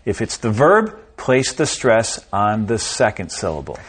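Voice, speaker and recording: Slow, calm man explaining grammar. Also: fairly low pitch, slightly rough. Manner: calm, measured, gives example sentences. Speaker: language lesson co-host. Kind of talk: scripted explanation.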